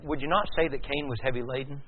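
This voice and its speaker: A male preacher delivering a sermon, swinging from quiet, slow passages to loud, rising emphasis. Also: medium pitch, fairly even intonation, a little hiss or hum. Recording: tinny phone-like sound.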